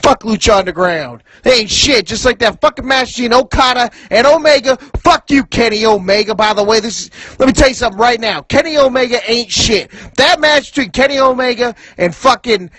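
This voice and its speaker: A man doing a high-voiced profane promoter rant. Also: lively intonation, bright, forceful tone, no echo, exaggerated voice. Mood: furious rant. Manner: profane, rapid-fire ranting. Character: foul-mouthed irate male wrestling promoter, ranting. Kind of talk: recorded comedy bumper rant.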